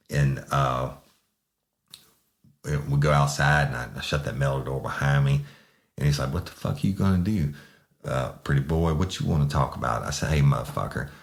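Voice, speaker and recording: A man's voice: extremely low pitch, fairly bright tone. A middle-aged man, a former police sergeant, recounting a case in a profane, laid-back way.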